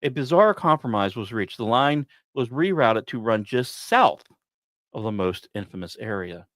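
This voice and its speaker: Lively storytelling man, dry studio sound. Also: normal speed, no echo. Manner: dramatic, wry asides, lively pitch swings. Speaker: podcast host. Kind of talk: storytelling history narration.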